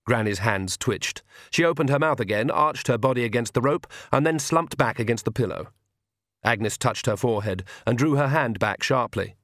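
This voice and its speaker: A man's voice: medium pitch, expressive, normal speed, fairly bright tone, no echo. Man reading a story, dry close sound. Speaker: narrator. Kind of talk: scripted audiobook narration.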